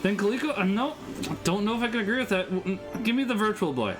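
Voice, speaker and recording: Over music, a man co-hosts a casual game stream from his home setup, chatting and answering viewers' comments. He talks fast, and his voice sits high.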